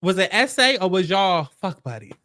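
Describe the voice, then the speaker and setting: A blunt, profane woman delivers pop-culture commentary with a lively, swinging voice that rises and drops for emphasis. Her pitch sits in a middle register. The sound is close and dry, with no room around it. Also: moderate pace, no room sound. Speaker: commentary host.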